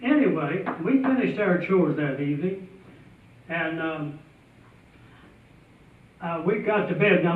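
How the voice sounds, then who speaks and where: Guy telling a tall tale, folksy and chuckly, high voice, tinny and far off in a roomy hall. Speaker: storyteller. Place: festival stage before an audience. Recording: tinny, distant, echoey hall sound.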